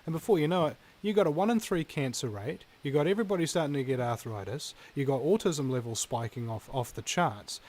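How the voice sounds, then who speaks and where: A man's voice: a little high, brisk, few pauses. Rambling New radio host, man. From New Zealand. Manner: rambling, animated, many fillers. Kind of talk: casual radio talk. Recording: radio broadcast.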